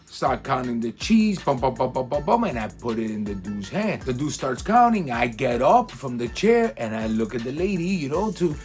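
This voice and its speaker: A young man telling a comedic story in a casual, animated, slangy way, with plenty of swearing. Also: mid-range voice, moderate pace, hardly any pauses, faint music behind. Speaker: storyteller host.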